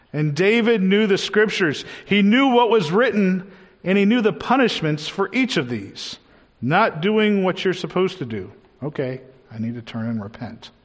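A man preaching a sermon earnestly, slowing down to stress his key words. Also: fairly high pitch. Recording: long hall reverb.

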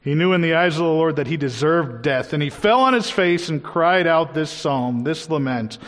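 A man's voice: on the high side, lively intonation. Preacher man in a reverberant hall. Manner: earnest, slows down to stress key words. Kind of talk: sermon.

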